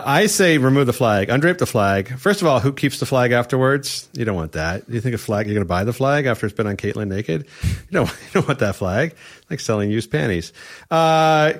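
A man riffing as the host of a comedy chat show, crude and teasing. His voice sits at an ordinary mid pitch. He mocks and jokes as he talks. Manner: crude, joking, mocking. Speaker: podcast host.

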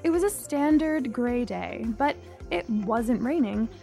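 A young woman reading a first-person story in a reflective, measured way. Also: a little high, lively intonation, creaky, mellow, faint music behind. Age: young adult. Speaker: narrator.

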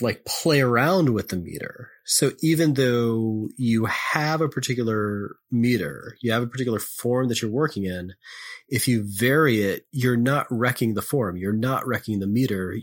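A man hosting a podcast, casually explaining poetry in a halting way, often clearing his throat and correcting himself. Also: medium pitch.

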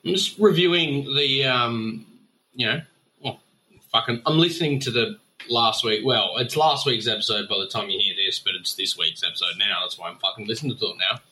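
An Australian man chatting on a podcast, rambling and profane. His voice is bright and forceful with a mid pitch. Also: fairly quick, slight background noise, rough recording. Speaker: podcast guest. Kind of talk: casual podcast chat.

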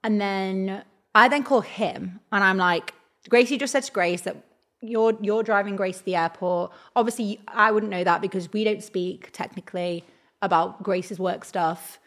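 A young woman, a talent agent, telling an animated story on a podcast. She acts out the quoted dialogue in her own voice and fills her sentences with "like." Her voice sits at a mid pitch. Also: moderate pace. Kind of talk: casual storytelling chat.

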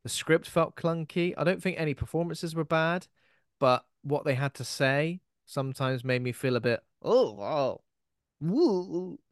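A man's voice: fairly high pitch, little pitch movement, normal speed, smooth, no room sound, clean studio sound. A man co-hosting a podcast in casual chat, swearing freely and slipping into mocking voices. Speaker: podcast co-host.

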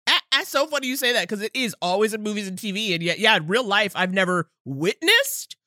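Bright, animated woman podcast host. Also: mid-range voice, brisk, no room sound, studio quality. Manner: animated, laughing, acts out characters' lines. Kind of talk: casual chat recapping a film.

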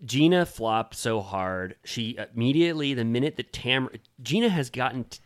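A man co-hosting a casual recap podcast, swearing freely and acting out quoted lines in high, mocking voices. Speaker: podcast co-host.

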